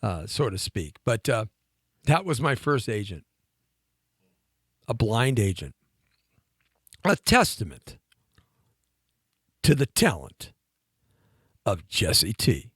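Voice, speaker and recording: A man in his fifties telling a long personal story on a talk show, lively and chatty, laughing between lines and often restarting his sentences. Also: on the low side, slow, pauses often, breathy edge, dry recording, studio quality. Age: 50s.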